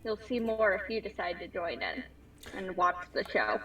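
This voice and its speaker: A woman playing a tabletop game, speaking in a slow, lilting way. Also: lowish voice, sing-song, fairly bright tone, recorded from a distance, low-quality recording. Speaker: player. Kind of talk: tabletop role-play.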